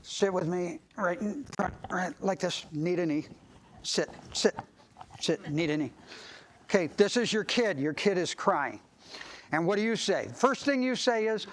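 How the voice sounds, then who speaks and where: A man, a dentist, giving a live clinical lecture and demonstration, acting out scenes with sudden excited voices. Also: moderate pace, low-quality recording. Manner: animated, acts out scenes and jumps into high excited voices. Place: clinic meeting room with live audience.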